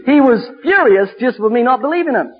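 A man preaching a sermon and telling stories from his ministry, emphatic, slowing down to stress scripture. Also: very high-pitched, lively intonation, husky, faint music behind. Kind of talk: sermon with storytelling. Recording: dull lo-fi recording.

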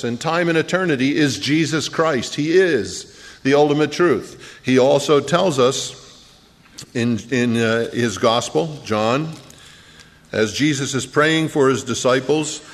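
A man preaches a sermon in a church, his voice carrying with a long reverb through the hall. He delivers it earnestly, drawing out key phrases and hurrying through asides, at an ordinary pitch for a man. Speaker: pastor.

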